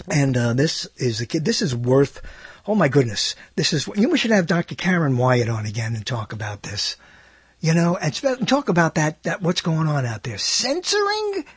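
An older man riffs through a digressive radio monologue, interrupting himself and laughing as his high voice swoops around. His tone is slightly husky, and the dry studio sound keeps him close. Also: no room sound. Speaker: radio talk show host. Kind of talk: rambling on-air monologue.

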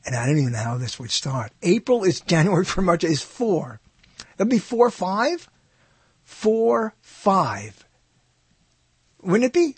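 A male radio host talks in a husky, slightly raised voice. He rambles and mutters, trailing off mid-sentence. The sound is dry and close. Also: sits high, a bit bright, no echo. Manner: mutters and trails off while searching. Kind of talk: rambling talk while browsing old recordings.

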